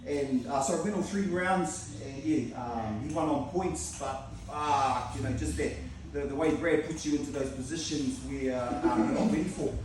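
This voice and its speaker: A man's voice: mid-range voice, moderate pace. A man with a New Zealand accent telling a casual story in a speech to a jiu-jitsu club, swearing often, laughing a lot and using many fillers. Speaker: jiu-jitsu training partner giving a speech. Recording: echoey room, distant mic, background noise.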